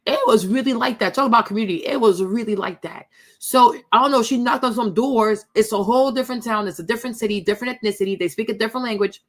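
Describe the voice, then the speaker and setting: Chatty higher-voiced woman host. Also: quick pace. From Ivory Coast. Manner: chatty, addresses viewers as y'all, many tag questions. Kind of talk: casual storytelling monologue.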